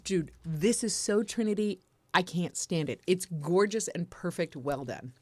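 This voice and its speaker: A woman co-hosting a casual livestream chat, enthusiastic and quick to laugh. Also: lowish voice, no echo. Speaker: podcast co-host.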